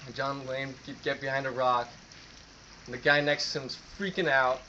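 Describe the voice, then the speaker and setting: A man giving a spoken eulogy at a memorial, halting and earnest with many restarts, recorded on a phone. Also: medium pitch, level tone, pushed and bright, dull audio, a little hiss or hum. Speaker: speaker at a memorial. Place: memorial gathering indoors. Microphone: phone recording from the audience.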